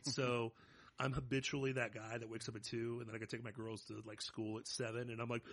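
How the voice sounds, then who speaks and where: A man's voice: medium pitch, fast. A man in his thirties co-hosting a podcast, talking casually and animatedly, joking and hyping himself up. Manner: animated, jokey, hypes himself up. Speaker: podcast co-host.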